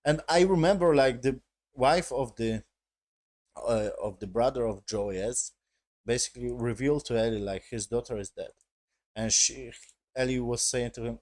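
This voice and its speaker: Excitable swearing man recapping a show. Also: mid-range voice, normal speed, dry recording. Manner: excitable, swears often, non-native phrasing with filler "yes?". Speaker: show reviewer. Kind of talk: casual recap and review.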